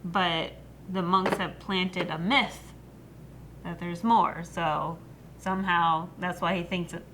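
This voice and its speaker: A woman's voice: fairly low pitch, steady tone, slow, noisy background. A woman co-hosting a reaction video, explaining points in casual chat and laughing often.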